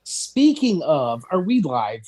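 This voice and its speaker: A man's voice: a little high, wildly swooping pitch, slow, mellow. Man ranting, swearing heavily. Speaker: podcast co-host. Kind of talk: profane comedic rant.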